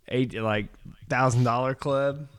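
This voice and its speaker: A man in a mid-pitched voice throws in short, cursing reactions during casual podcast chat. A faint noise sits under his voice, with some clicks. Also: fairly even intonation, slow. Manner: short reactions and profane exclamations. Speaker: podcast co-host.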